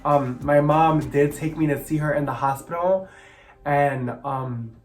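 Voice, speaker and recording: A young man telling a painful personal story to camera in an earnest, halting way with many pauses and restarts. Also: on the high side, darkish tone. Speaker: vlogger.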